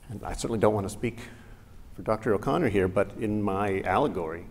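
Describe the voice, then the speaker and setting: A man's voice: on the low side, brisk, a little mellow, distant mic. A man giving the opening remarks of a public debate, informal and joking with many fillers, heard in a reverberant hall. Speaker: debate speaker. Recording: reverberant lecture hall, faint ambience.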